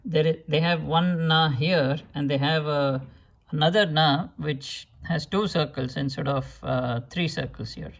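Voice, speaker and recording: Slow, gravelly man teaching scripts. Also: fairly high pitch. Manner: slow, hesitant explaining with many fillers and restarts; sounds out syllables to demonstrate pronunciation. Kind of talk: explanatory lesson.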